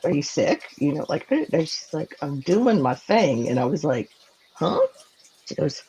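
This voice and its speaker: A woman in her forties in casual chat, telling personal stories in an animated way, filling her speech with "like" and acting out dialogue. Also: low-pitched, normal speed, slight background noise, rough recording. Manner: animated, many "like"s, acts out quoted dialogue. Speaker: co-host.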